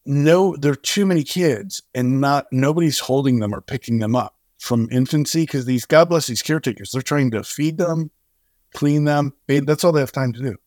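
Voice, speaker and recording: Brief: middle-aged male guest, mid-pitched, vivid storyteller voicing the people in his story, dry close sound. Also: moderate pace, dry recording. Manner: animated storyteller who acts out dialogue. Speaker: charity co-founder and guest; singer-songwriter. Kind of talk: storytelling in a podcast interview.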